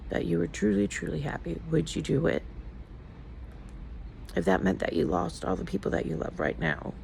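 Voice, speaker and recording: A woman's voice: lowish voice, vocal fry, a little hiss or hum, poor audio. An older woman talking casually in a personal vlog, emotional and rambling as she confides in her viewers. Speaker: vlogger.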